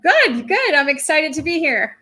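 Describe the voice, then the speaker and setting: A woman who runs a brunch spot talks as a guest on a show, friendly and easygoing. Her voice is fairly high and bright. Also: sing-song, measured pace. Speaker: restaurant owner guest. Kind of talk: casual interview chat.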